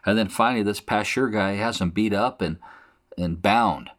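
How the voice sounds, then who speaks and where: Going through scripture one verse at a time, a man explains the passage conversationally and in plain language, performing the quoted lines. He has a lowish voice and a moderate pace.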